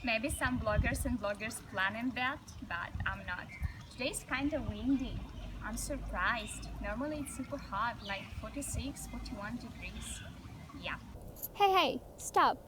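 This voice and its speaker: A woman's voice: fairly high pitch, a little slow. A young woman with a Russian accent, chatting upbeat in a vlog intro, searching for English words now and then, speaking into a handheld mic outdoors. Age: young adult. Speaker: vlogger and yoga teacher. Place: outdoors, windy and noisy. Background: outdoor noise.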